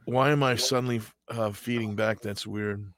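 A man's voice: on the low side, fairly even intonation, moderate pace, fairly bright tone. A man hosting a podcast over an online call, bluntly reading headlines and quotes aloud. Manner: blunt, crude, reads out quotes. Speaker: podcast host.

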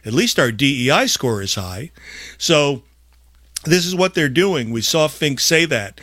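A man hosting a podcast, talking in an emphatic, rambling way with big swings in loudness. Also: fairly high pitch, sing-song, a little slow, no echo, clean studio sound. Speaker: podcast host. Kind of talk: casual podcast talk.

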